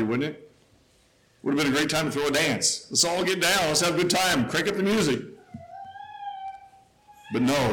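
A man preaching a sermon, quoting scripture with emphatic rises and quiet, lowered asides. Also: slight background noise, poor audio. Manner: emphatic, rising to a near shout then dropping low.

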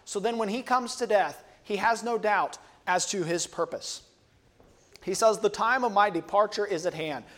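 A preacher delivers an expository sermon in a measured, teaching style, reading scripture verses aloud along the way. His voice is medium-pitched and a little bright.

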